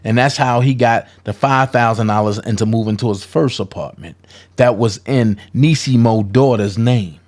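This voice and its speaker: A man's voice: mid-range voice, normal speed, a little mellow. A man giving confrontational, profane commentary, calling people out in a heated rant. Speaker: commentary vlogger.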